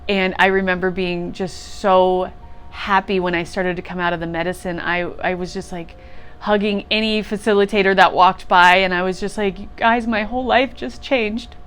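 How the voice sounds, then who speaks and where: A woman's voice: lowish voice, level tone, moderate pace, a bit bright, smooth. Woman, personal testimony, earnest and emotional, faint music underneath. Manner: emotional, earnest, laughs through tears. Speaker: guest sharing a retreat testimonial. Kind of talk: personal storytelling.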